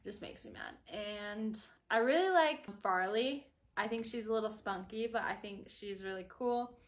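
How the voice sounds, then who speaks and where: A woman's voice: medium pitch, measured pace. A woman chatting casually to her viewers in a video review, gushing about a book and filling her talk with "like". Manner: gushing and chatty, with constant "like" fillers.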